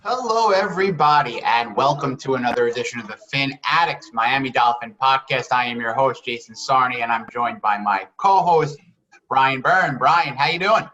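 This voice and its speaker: A man's voice: medium pitch, lively intonation, moderate pace, sharp tone, muffled recording. A man hosting a podcast who opens the show in an upbeat, announcer-like way. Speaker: podcast host. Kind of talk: podcast introduction.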